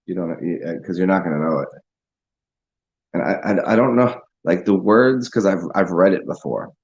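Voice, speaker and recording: A man's voice: low-pitched, lively intonation, moderate pace, gravelly, darkish tone, highs cut off. A man hosting a casual livestream, rambling, laughing and chatting with viewers over a beer. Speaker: livestream host.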